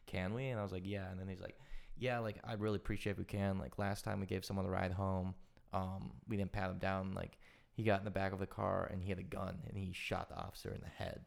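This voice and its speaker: A young man in casual conversation, racing through an animated, profanity-laced story packed with "like" fillers. His voice sits somewhat low and the words tumble out fast. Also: creaky.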